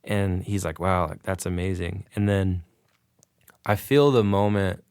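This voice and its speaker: A podcast guest speaks a little slowly in a low, clean-toned voice. Even so, his retelling is excited and animated, with dialogue acted out, in a casual storytelling style. It's a dry, studio-quality recording.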